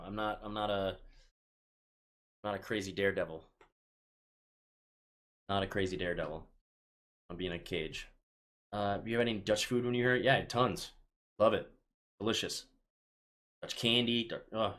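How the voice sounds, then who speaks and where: A man in his thirties from Chicago, United States, speaks at a medium pitch with a fairly bright tone. He casually reads viewer questions aloud on a live stream and tosses off answers, often restarting his sentences.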